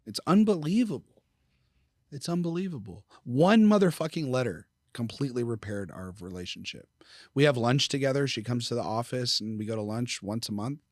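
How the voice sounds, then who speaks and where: A man's voice: mid-range voice, expressive, brisk, dry recording, clean studio sound. A middle-aged man speaking as a podcast guest, telling stories in a candid, casual way, swearing freely and acting out quoted dialogue. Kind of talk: casual storytelling.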